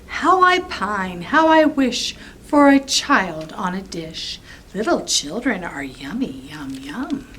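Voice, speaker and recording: A grouchy, greedy storybook giant as a woman reads him out rumbles through his rhymes. His delivery swoops up and down in a lively way and takes its time over every word. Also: takes it slowly, hardly any pauses, slight background noise. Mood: grumbly, greedy. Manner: rhyming, playful storybook delivery. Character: grumpy hungry male giant, growly and greedy.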